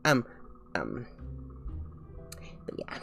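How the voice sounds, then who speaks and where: A man's voice: drawn-out words, sharp tone, dull audio, faint music behind. A young man streaming as a vtuber, chatting casually while he draws, rambling with lots of filler words and restarts.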